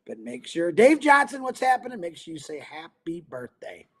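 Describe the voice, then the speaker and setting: A man hosting a casual livestream, rambling upbeat as he greets viewers by name, talking fast and a bit mumbled. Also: a little high, sing-song, fairly bright tone. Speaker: livestream host. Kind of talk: casual livestream chat reading viewer comments.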